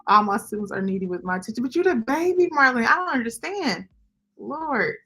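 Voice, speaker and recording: A woman's voice: fairly high pitch, big pitch swings, brisk, a bit bright, breathy edge. Chatty woman livestreaming to viewers. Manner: chatty, talks to viewers and chat directly. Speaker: livestream host. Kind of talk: casual livestream chat. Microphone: computer microphone.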